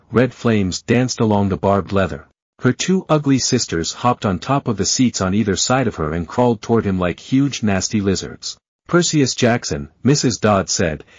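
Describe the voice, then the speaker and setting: Guy reading fanfic aloud, low husky voice, muffled lo-fi sound. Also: darkish tone, no echo. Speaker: narrator. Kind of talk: fan fiction audiobook narration. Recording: dull lo-fi dry recording.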